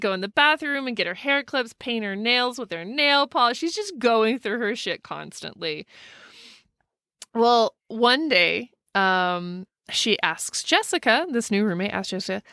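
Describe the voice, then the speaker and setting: A woman casually telling a ghost story as a podcast co-host, animated and acting out the people she quotes. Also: no echo, studio quality. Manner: animated, acts out quoted people with pitch swings.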